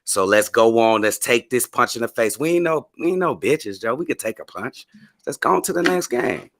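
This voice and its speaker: A man's voice: medium pitch, animated, normal speed, a bit bright. A man co-hosting a sports podcast, talking in a laid-back, consoling way. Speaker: podcast co-host. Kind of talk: casual sports podcast banter.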